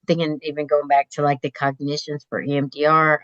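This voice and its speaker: A host who is a therapist interviews a guest conversationally, speaking enthusiastically and reflectively with many fillers. The mid-range voice is monotone, a little fast, and fairly bright, in a muffled recording with no echo.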